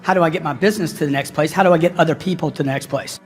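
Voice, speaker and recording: A man's voice: on the high side, rapid-fire, soft background music. A man giving a punchy motivational speech, firing rhetorical questions at his audience. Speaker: motivational speaker.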